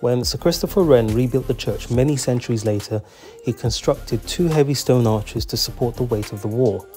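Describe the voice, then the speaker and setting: A man's voice: medium pitch, moderate pace, dark tone. A man narrating a travel video as its host, in a scripted but playful way that leans on the comic details. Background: faint background music.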